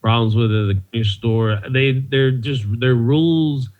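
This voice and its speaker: A man's voice: medium pitch, steady tone, slow pace, darkish tone. A man, a comedian and podcast guest, telling stories in a loose, rambling way and chuckling at his own tales. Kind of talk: casual storytelling interview. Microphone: video call. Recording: muffled video call audio.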